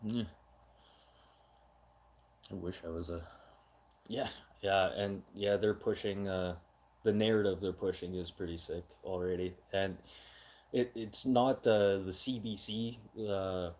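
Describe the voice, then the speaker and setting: A middle-aged man hosting a casual live chat, talking loudly and with heavy emphasis, getting excitable when he has an opinion. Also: sits low, a little slow, pauses often. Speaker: live stream host.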